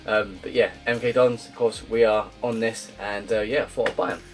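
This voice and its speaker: A young man giving casual, rambling commentary on his football game career, full of ums and uhs, with loud upbeat greetings. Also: fairly low pitch, steady tone, normal speed. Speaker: gaming YouTuber. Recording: faint guitar music behind.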